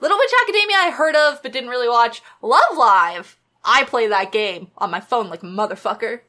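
A woman chatting on a podcast in a high, bright voice that jumps up and down a lot. She talks quickly, drops wry asides and laughs often. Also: expressive. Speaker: podcast co-host. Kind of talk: casual chat.

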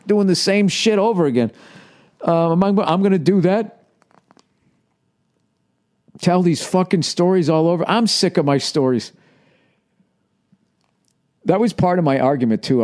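A middle-aged comedian telling a story in a loose, rambling monologue. He swears constantly, mocks himself, and breaks into animated rants, all in a mellow, dark-toned voice. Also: high voice, unhurried, pauses often. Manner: profane, self-deprecating, animated ranting. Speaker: comedian podcast host.

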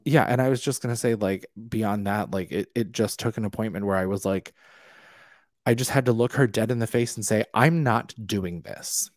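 A young man, a podcast guest, telling his story in a casual, animated way and acting out the voices he quotes. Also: fairly low pitch, fairly quick, no echo, clean studio sound. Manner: animated, acts out quoted voices, laughs often.

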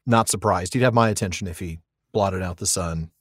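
A man's voice: low voice, a little fast, no room sound, clean studio sound. A man co-hosting a casual podcast, chatty and laughing, retelling events with wry jokes. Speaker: podcast co-host. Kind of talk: casual chat.

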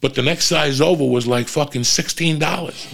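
A man's voice: fairly high pitch, moderate pace, creaky, a bit bright. A man telling a story in an exasperated, profane rant, swearing constantly and acting out what he and others said. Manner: storytelling with quoted asides. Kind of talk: profane ranting monologue.

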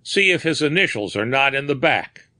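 Reader doing old police captain, eager and bossy, voice pushed high. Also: male voice, animated, normal speed, bright, forceful tone, no room sound. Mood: eager, commanding. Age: older. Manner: eager, commanding.

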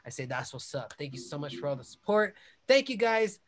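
A young man hosts his own podcast and pumps up the energy with whoops and constant shout-outs. His voice sits a bit high for a man. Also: very animated, fairly quick. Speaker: podcast host. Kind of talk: hyped podcast intro and self-promotion.

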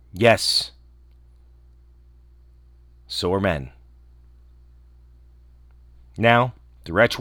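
Slow, expressive male storyteller. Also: on the low side, no echo, clean studio sound. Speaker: podcast host and storyteller. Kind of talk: storybook reading.

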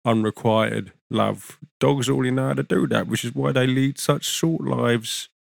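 A man doing a gravelly, foul-mouthed host. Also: medium pitch, measured pace, no room sound, studio quality. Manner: blunt, swears constantly, says mate. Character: foul-mouthed British hat-testing show host. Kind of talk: comedy sketch.

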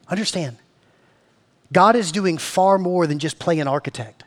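A man preaching to his church in a casual, slangy way, swinging between loud and hushed. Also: sits high, normal speed. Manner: slangy, calls listeners "man" and "family". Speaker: pastor. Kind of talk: sermon. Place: church meeting room.

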